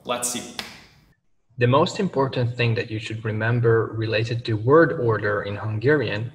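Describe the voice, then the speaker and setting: A male language teacher in a video lesson who talks through grammar methodically and backs every point with examples. His voice sits in a middle register and comes from some distance away in a room with a long, ringing reverb. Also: medium pitch. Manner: methodical, explains with worked examples.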